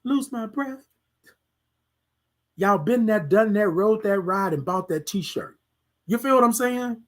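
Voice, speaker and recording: An emphatic podcast host delivers a motivational monologue. The talk is built on repeated rhetorical questions and speaks straight to the listeners. At times the voice turns soft and coaxing, as if talking to itself. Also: medium pitch, a little slow. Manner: speaks to self by name, soft and coaxing in places.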